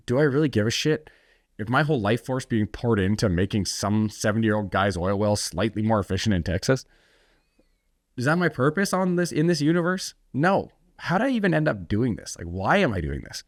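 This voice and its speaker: A man's voice: fairly low pitch, no echo, clean studio sound. A man telling his story as a podcast guest, blunt and intense, swearing freely and often restarting his sentences. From United States. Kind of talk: candid storytelling in a conversation.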